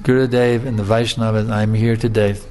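A man giving a sermon, telling a fable in a relaxed, conversational way with frequent filler tags. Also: lowish voice, fairly quick, a little hiss or hum. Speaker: preacher. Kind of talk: sermon with storytelling.

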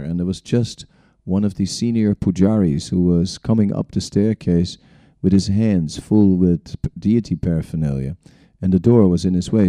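A man's voice: on the low side, warm tone, dry recording. A man, not an English speaker, telling stories from his own life in a rambling way, with frequent chuckles and "right?" tags. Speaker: speaker recounting his spiritual journey. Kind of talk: storytelling talk.

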